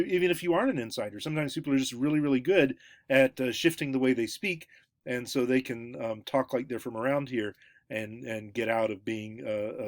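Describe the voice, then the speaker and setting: Halting male lecturer, dry sound. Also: dry recording. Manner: halting, many fillers and restarts; lively, pitch jumps up for new points. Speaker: anthropology lecturer. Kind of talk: recorded lecture.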